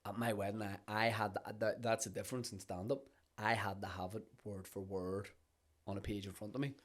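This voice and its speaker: A man's voice: fairly low pitch, steady tone, a little fast. A man, a comedian and podcast guest, chatting casually and often repeating words as he starts a thought. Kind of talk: casual chat.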